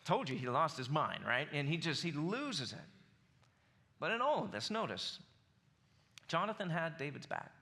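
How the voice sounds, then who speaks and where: A man's voice: a little high, very animated, normal speed, long pauses, bright, forceful tone. A man in his forties with a Southern US accent preaching a sermon, conversational and building to emphatic bursts. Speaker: pastor.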